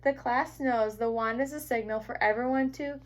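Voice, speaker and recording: A teacher reading a picture book aloud to young children, gentle and expressive. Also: female voice, a little high, normal speed. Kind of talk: storybook read-aloud for children.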